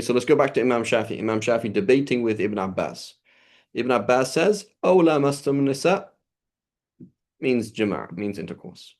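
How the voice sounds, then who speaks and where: A man teaching a class on an Arabic legal text. He reads Arabic quickly, explains it in English, restarts sentences often and keeps checking whether the students follow. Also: fairly low pitch, a little mellow. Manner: explanatory, often checks understanding with "right?" and "okay?"; hesitant restarts and fillers while searching for words. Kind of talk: classroom lecture.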